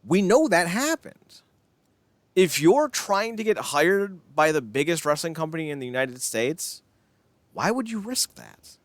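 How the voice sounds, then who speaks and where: A man co-hosting a casual wrestling podcast, ranting in an animated, sarcastic way with frequent swearing. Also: a little high, unhurried, no echo. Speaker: podcast co-host.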